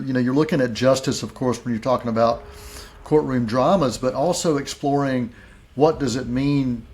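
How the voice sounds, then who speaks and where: A middle-aged man co-hosting a film review show, talking reflectively with many fillers and restarts. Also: medium pitch. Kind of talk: casual film review chat.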